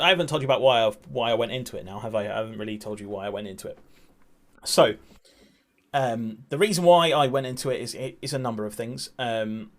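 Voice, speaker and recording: A man talking candidly on a livestream, nervous and a little breathless, halting with restarts and frequent ums. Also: medium pitch. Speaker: streamer.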